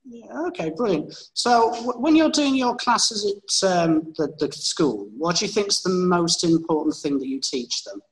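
A man's voice: high voice, expressive, a little slow, few pauses, rough recording. Rambling male podcast host. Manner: rambling, filler-heavy questions. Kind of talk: casual interview chat.

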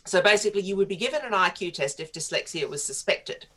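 A woman's voice: mid-range voice, animated, fast, sharp tone. A woman in her fifties, a guest writer on a radio talk show, chatting in a digressive way and laughing often.

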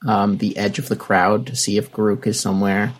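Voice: sits low, flat delivery, normal speed. Playful tabletop game player.

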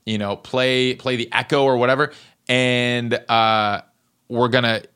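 A man hosting his own show, telling a story in an animated, profane way and acting out the people he quotes. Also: mid-range voice, a little slow, clear, resonant tone. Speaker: podcast host.

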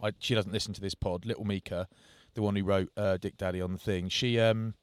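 A man's voice: fairly low pitch, flat delivery, a little fast, clear, resonant tone, no room sound. A middle-aged man co-hosting a podcast, telling self-mocking stories in casual chat. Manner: jokey storytelling, self-mocking. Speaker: podcast co-host.

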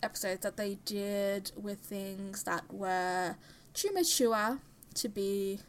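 A woman co-hosting a podcast in casual chat, with a high, girlish voice and a chatty, laughing manner. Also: slow pace. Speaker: podcast co-host.

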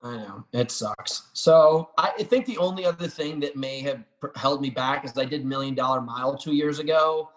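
A man and professional athlete talking as a guest on a casual podcast, telling animated, swearing, boastful stories. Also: mid-range voice, moderate pace, hardly any pauses, rough recording. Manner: animated, profane, boastful storytelling.

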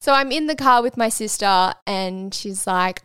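A woman in her twenties with an Australian accent, hosting a podcast and telling a personal story in a frank, animated way, swearing freely. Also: medium pitch, measured pace, smooth, no room sound, clean studio sound. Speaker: podcast host. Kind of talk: casual storytelling monologue.

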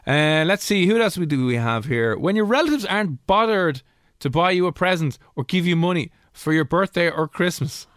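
A man's voice: on the high side, lively intonation, normal speed, few pauses, a bit bright, dry recording, clean studio sound. An Irish man hosting a casual show, joking and bantering with his callers. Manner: joking, banters and mimics others. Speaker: host. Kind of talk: casual chat.

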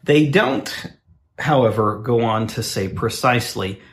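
A man's voice: medium pitch, lively intonation, a little slow. A man co-hosting casual radio banter in a sardonic, mock-pompous way. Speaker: co-host.

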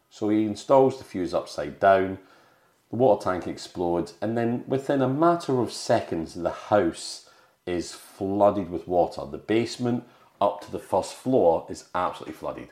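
A man's voice: low-pitched, animated, a little slow, darkish tone. A man co-hosting a podcast, chatting casually about a film and retelling scenes with lots of restarts. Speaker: podcast co-host. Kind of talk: casual film review chat. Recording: roomy echo.

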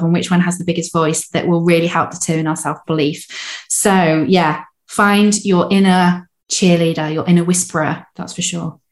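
A woman co-hosting a coaching podcast, upbeat and playful, who also reads out a listener's story. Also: lowish voice. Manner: upbeat, playful, slips into quick voices for inner characters. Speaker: podcast co-host. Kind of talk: casual coaching chat and reading a listener story.

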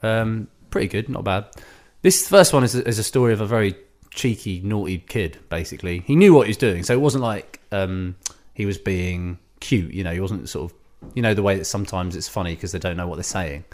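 A man's voice: low voice, brisk, few pauses, a little mellow. A man co-hosting a casual comedy podcast, telling stories, laughing often and acting out other people's lines. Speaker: podcast co-host.

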